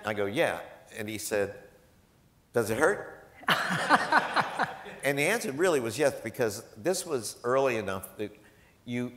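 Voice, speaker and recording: Male professor, gala storyteller, slightly low voice, animated and self-mocking, echoey hall sound. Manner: animated, self-deprecating, laughs often. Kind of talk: storytelling anecdotes to a live audience. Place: large event hall.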